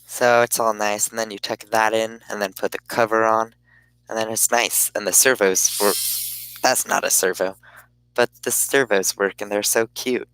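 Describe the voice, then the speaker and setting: A man casually chatting on his live stream, rambling in a halting way and often cutting himself off mid-thought. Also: on the low side, level tone, a bit bright, clean tone, poor audio. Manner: rambling, halting, self-interrupting.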